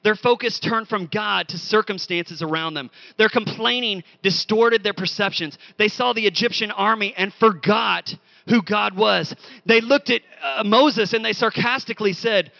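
A man preaching a sermon, telling a story with animated, acted-out quotes. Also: high-pitched, moderate pace, gravelly, no echo, lo-fi sound. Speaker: pastor.

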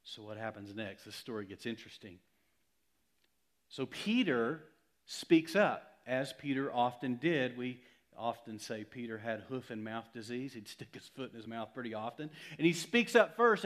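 A male pastor preaching a sermon in a conversational, emphatic way, swinging from loud to hushed. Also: mid-range voice, animated, normal speed.

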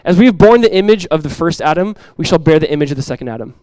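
A middle-aged male pastor delivers a sermon with earnest, direct conviction, hammering home key lines through repetition. His voice sits a bit high for a man, and the sound is close and dry with little room echo. He slips into animated everyday voices to make his points. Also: rapid-fire. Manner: acts out everyday voices with lively emphasis. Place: church sanctuary.

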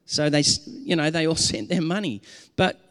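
A man's voice: fairly high pitch, animated, moderate pace, a bit bright, clean tone, long reverb tail. A man preaching a sermon as pastor, earnest and impassioned, often restarting his sentences.

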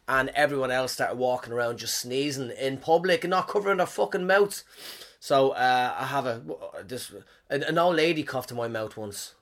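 Rambling, swearing man with a head cold. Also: a little high. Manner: rambling, swears a lot, loses his thread. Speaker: comedian. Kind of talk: rambling comic monologue.

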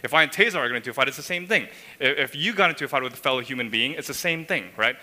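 A man's voice: medium pitch, animated, very fast, sharp tone. A man preaching a sermon as pastor, emphatic and explanatory, often checking in with the congregation by asking "right?". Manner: emphatic, frequent tag questions, voices God's words. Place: church sanctuary. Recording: long hall reverb.

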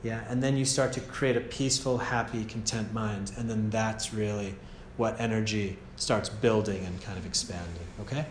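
A man with an American accent giving a gentle, casual meditation teaching at a retreat, often checking in with "yeah?". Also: on the low side, steady tone, moderate pace, hardly any pauses, slight background noise. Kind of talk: relaxed meditation talk. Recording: echoey room, faint ambience.

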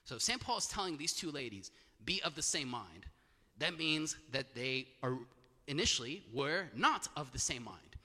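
A man's voice: on the high side, very animated, normal speed, pushed and bright. Emphatic preacher man in a reverberant hall. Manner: emphatic, repeats phrases for stress. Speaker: preacher teaching scripture. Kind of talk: bible study sermon.

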